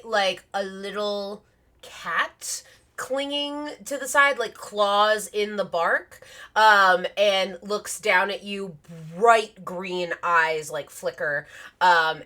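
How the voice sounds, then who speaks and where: Woman game master, slow narration, bright tone, frequent laughs. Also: medium pitch, fairly even intonation. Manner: laughing often, filler-heavy narration.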